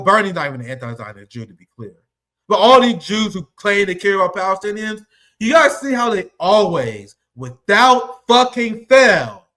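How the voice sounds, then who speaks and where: A young man with a strikingly high, bright voice delivers combative political commentary. His pitch leaps around as he mocks and swears. The tone is sharp and relentless. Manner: combative, profane, mocking.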